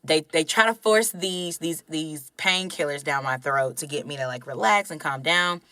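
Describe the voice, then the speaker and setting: A young adult woman from Georgia, telling a story in casual podcast chat, animated and candid. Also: low voice, moderate pace. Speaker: podcast co-host.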